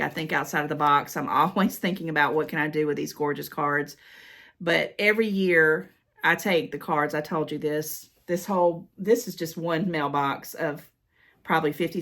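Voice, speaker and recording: A woman's voice: low voice, pushed and bright. A middle-aged American woman chatting casually as she reads fan mail aloud, gushing and emotional, often repeating her words. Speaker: haul vlogger.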